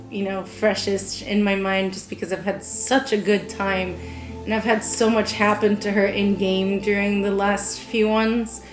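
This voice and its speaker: A young woman talking casually in an interview as a live-action role-player, enthusiastic and reflective. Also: medium pitch. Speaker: LARP player. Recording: roomy echo with faint music.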